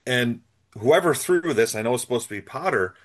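A man's voice: mid-range voice, expressive, a little fast. A man co-hosting a podcast, reflecting thoughtfully on a TV episode in casual conversation. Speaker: podcast co-host. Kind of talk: casual chat.

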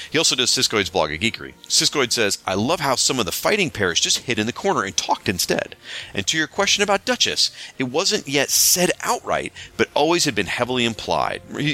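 Bright, lively-voiced male podcast host. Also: fairly low pitch. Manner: chatty, reads listener letters aloud with laughs and asides. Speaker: podcast host reading listener feedback. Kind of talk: casual podcast listener-mail segment.

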